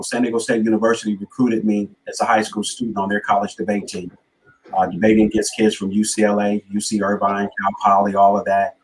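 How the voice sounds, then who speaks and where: Earnest, low-voiced motivational male speaker. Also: low-quality recording. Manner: earnest, motivational preacher-like cadence. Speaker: guest speaker and author. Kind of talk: storytelling in a talk-show interview.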